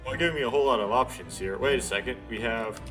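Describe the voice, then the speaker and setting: A man's voice: mid-range voice, fast. Rambling casual let's-play guy. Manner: rambling, offhand, lots of "like". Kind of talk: casual gameplay commentary. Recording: game music playing underneath.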